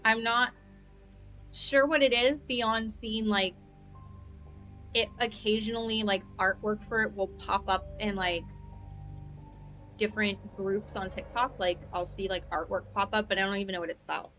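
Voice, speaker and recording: A woman's voice: medium pitch, steady tone, moderate pace, pauses often, fairly bright tone, dull audio, soft background music. A young woman chatting casually while streaming a game, rambling and upbeat, on a lavalier mic at home. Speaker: gaming streamer. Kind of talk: casual live-stream chat.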